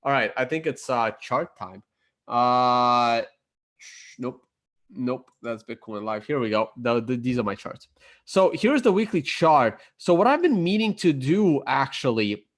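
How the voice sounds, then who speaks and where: A man talking casually through market charts on his screen, halting with fillers and self-corrections, his voice a little worn and croaky. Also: medium pitch. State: losing his voice, clearing his throat. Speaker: crypto chart analyst.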